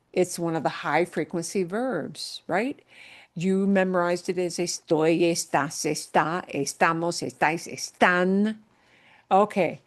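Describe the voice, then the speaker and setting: A woman teaching a Spanish grammar lesson in a slow, unhurried way. She keeps checking in with her students and stretches out the key words to make them stick. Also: medium pitch. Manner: encouraging, checks in often with "okay?".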